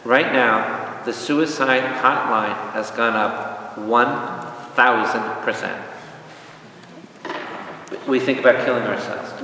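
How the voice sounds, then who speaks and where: Priest guy leading bible study, bright sharp voice, firing questions at the crowd, heard from far off in a big echoey hall. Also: lowish voice, gravelly, a little hiss or hum. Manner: energetic, quizzes the audience, jokes. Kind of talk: interactive Bible teaching.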